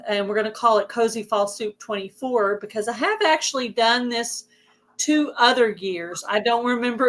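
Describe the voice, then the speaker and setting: A woman with a Southern US accent hosts a casual livestream, chatting away and greeting viewers by name. Her voice is hoarse and a little high.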